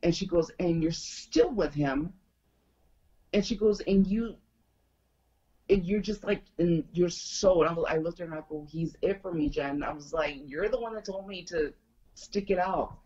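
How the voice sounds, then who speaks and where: A woman's voice: lowish voice, warm tone, breathy edge, lo-fi sound. A middle-aged woman, a guest, casually telling a story and quoting a friend over and over. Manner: chatty, retells a friend's words with many "she goes". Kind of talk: casual storytelling on a video call.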